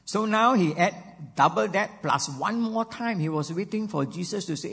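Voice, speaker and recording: An older man delivers a sermon. His voice is husky and gravelly and sits a little high, and he talks earnestly, stopping to repeat himself. The sound rings with the long reverb of a church hall. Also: animated, normal speed, hardly any pauses, a bit bright. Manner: earnest, peppered with "you know", repeats words as he goes. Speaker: pastor. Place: church sanctuary.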